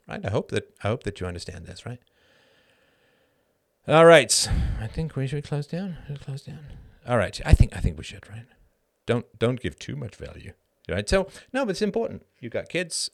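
A middle-aged man hosting a live show, answering chat questions in an animated monologue that keeps tossing in a rhetorical "right?". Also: medium pitch, normal speed, vocal fry. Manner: animated, frequent rhetorical "right?", laughs mid-sentence. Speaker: host.

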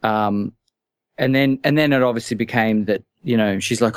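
A man's voice: fairly low pitch, clean tone, no echo, clean studio sound. A man calling in to a talk show, telling a personal story anxiously, stammering and restarting often. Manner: halting, stammering, many restarts. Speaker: caller.

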